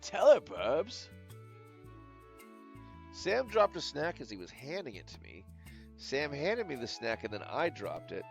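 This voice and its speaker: Streamer, man, gravelly voice, lively pitch, jokey and profane while playing. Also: moderate pace, faint music behind. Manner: joking, swears freely, hums and mutters while playing. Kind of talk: casual gameplay commentary.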